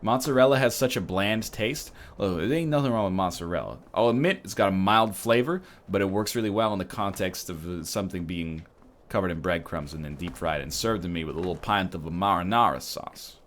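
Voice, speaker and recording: A man's voice: low voice, brisk, a bit bright, a little hiss or hum. A man in his thirties giving casual, jokey let's-play commentary, rambling and slipping into mocking voices. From Canada.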